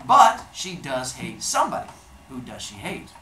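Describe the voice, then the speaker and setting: A man teaching a class, reading a novel aloud with expressive dialogue and then leading a discussion. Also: mid-range voice, normal speed, background noise. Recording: roomy classroom with faint ambience.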